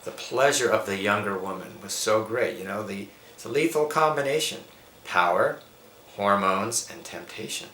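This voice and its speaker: A man's voice: on the low side, moderate pace, pushed and bright. Emphatic middle-aged man in an echoey room. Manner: emphatic, preachy, lists points. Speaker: yoga teacher. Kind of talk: spiritual interview talk. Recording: echoey room with faint background noise.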